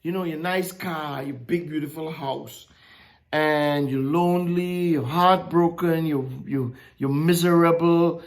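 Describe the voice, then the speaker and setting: A woman preaching a sermon, teaching from scripture in a slow, emphatic way. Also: low voice, steady tone. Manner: emphatic, rising and dropping sharply, slow deliberate preaching.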